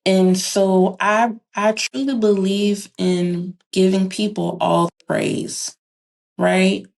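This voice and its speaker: A woman's voice: medium pitch, slow, vocal fry. A woman guest on a podcast chatting casually and telling stories, acting out quoted dialogue with animation. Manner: animated storyteller who acts out quoted dialogue. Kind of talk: casual chat.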